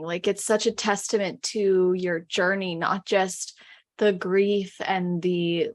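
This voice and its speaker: A woman hosting an interview, asking questions and reflecting back in a measured, affirming way. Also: lowish voice. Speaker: podcast host, interviewer.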